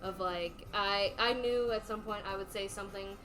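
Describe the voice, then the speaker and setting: Streaming from her home, this Southern-accented woman from South Carolina talks casually, hesitating at times and reading out messages from the chat. She speaks at a moderate pace, with medium pitch, a steady tone and a somewhat bright quality.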